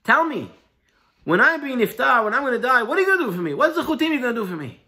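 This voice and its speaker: A man doing an anxious aging father, high and insistent. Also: steady tone, very fast, bright, forceful tone. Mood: pressing. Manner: insistent, repeating questions. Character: aging father anxious about his death, pressing his sons.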